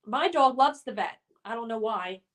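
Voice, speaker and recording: A woman's voice: a little high, animated, normal speed, fairly bright tone, recorded from a distance. A woman hosting a casual live stream game, reading out viewers' comments and cheering them on. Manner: reads viewer comments aloud, cheerful and encouraging.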